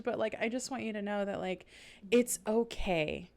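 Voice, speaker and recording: A woman's voice: fairly high pitch, big pitch swings, a little slow, a crowd in the background. A woman in her thirties co-hosting a podcast, talking casually with lots of "like" and laughing often while reassuring her friend. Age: 30s. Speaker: podcast co-host, color guard director. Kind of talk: casual chat.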